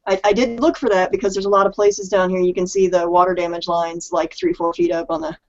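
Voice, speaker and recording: A woman's voice: mid-range voice, expressive, fast talker. A woman chatting casually and laughing easily on a video call. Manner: chatty, giggly. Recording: dull lo-fi call audio.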